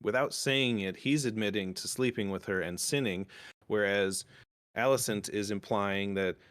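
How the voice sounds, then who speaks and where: A man hosting a casual podcast, recapping a TV episode in a rambling, excitable way and swearing freely. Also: on the low side, normal speed, clean tone. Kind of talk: casual chat.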